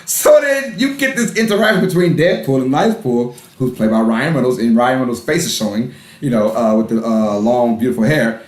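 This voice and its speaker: A man co-hosting a casual movie review podcast, animated and laughing often, repeating himself for emphasis. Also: medium pitch, fairly quick, few pauses, roomy sound. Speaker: podcast co-host.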